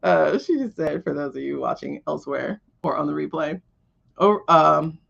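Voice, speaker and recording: A woman's voice: sits low, lively intonation, moderate pace, creaky, fairly bright tone, dull audio. A woman hosting a live tarot stream, chatting casually and bluntly with her viewers. She swears freely and laughs often.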